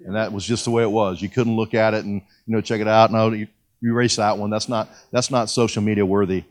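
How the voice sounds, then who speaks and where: A man's voice: on the low side, steady tone, fast talker. A man in his fifties preaching a sermon and telling his personal testimony in a folksy, self-deprecating way, with frequent restarts. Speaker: pastor.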